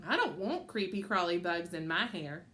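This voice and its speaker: A woman voicing an excitable, loud little boy in an audiobook who shouts and asks questions insistently. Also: on the low side, moderate pace.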